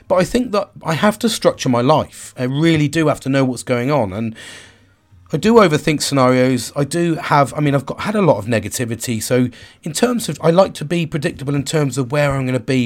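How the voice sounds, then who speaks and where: A man in his forties speaking frankly about his own struggles, swearing freely, restarting sentences and searching for words. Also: on the high side. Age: 40s. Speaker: vlogger. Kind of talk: candid personal monologue.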